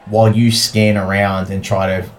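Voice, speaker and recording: A man's voice: lowish voice, level tone, moderate pace, slight background noise. A man narrating a tabletop game as dungeon master, in a loose, rambling way full of fillers.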